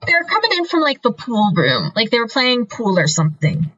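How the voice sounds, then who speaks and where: A woman co-hosts a podcast in loose casual chat, her voice high and swooping all over. She fills her talk with "like" and slips into quoted voices. The sound is dull and lo-fi. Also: normal speed, husky, no room sound. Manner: animated, lots of "like", acts out quotes. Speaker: podcast co-host.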